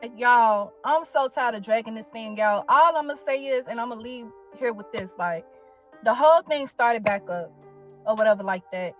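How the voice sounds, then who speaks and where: Young chicago woman, high voice, fed up, cussing, repeating herself, kinda muffled with quiet music under. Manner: blunt, profane, exasperated, repeats herself for emphasis. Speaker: content creator telling her side of a feud. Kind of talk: heated storytime rant.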